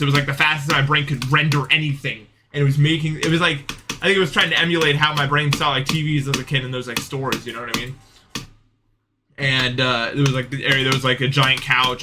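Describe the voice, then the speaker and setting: A young man streaming, telling a long dream in casual chat, rambling with many fillers and restarts. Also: on the high side. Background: background music.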